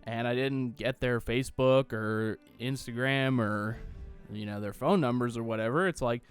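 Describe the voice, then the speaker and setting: A man's voice: mid-range voice, normal speed, smooth, soft background music. A young man from Austin, Texas giving a sarcastic, exasperated solo movie rant, swearing freely. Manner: mocks dialogue in silly voices. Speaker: movie reviewer. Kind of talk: ranting solo commentary.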